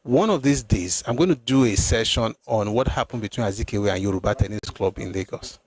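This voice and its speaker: A man hosting a live stream, answering viewer comments in an animated, exclamatory way, often repeating himself. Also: fairly low pitch, brisk, slightly rough, dry recording. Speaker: host.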